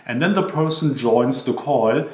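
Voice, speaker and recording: A man explains conference call etiquette in an earnest, instructional way, slowing down whenever he repeats a key piece of advice. His voice sits at an ordinary middle pitch. The recording carries a noticeable room echo. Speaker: presenter giving workplace tips. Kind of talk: instructional talk to camera. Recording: echoey room.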